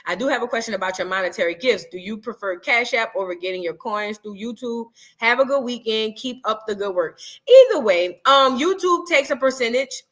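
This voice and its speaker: A woman's voice: fairly high pitch, lively intonation, a little fast, fairly bright tone. A woman hosting a casual livestream, chatty and sassy, reading out super chats and thanking viewers. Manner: chatty, sassy, calls viewers girl and boo. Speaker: livestream commentary host.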